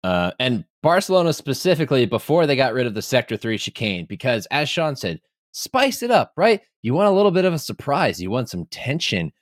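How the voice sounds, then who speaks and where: A man's voice: medium pitch, sing-song, brisk, hardly any pauses, no echo, clean studio sound. A man co-hosting a podcast, talking in playful, teasing banter. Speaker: podcast co-host.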